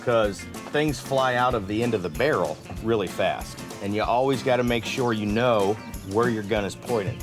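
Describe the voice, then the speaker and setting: A man's voice: fairly low pitch, normal speed, few pauses. Easygoing outdoorsy man over music. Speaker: outdoor show host. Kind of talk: casual outdoor narration. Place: outdoors by a river camp.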